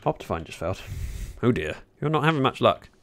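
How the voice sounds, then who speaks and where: A man chatting casually at his desk while livestreaming a game, speaking into a desk microphone, with sudden excited yelps. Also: medium pitch, fairly quick. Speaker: gaming livestreamer. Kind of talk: casual commentary while playing.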